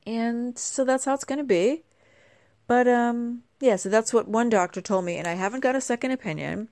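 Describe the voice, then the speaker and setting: A woman's voice: on the high side, normal speed, darkish tone, dry recording. A middle-aged woman chatting casually to camera at home, bubbly and rambling, her voice a little nasal from a congested cold. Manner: bubbly, chatty, wandering asides. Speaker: vlogger.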